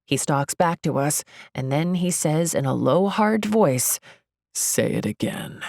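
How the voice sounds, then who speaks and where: A young woman narrating a first-person romance audiobook, expressive, jumping up in pitch for her character's outbursts. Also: unhurried, creaky, slight background noise.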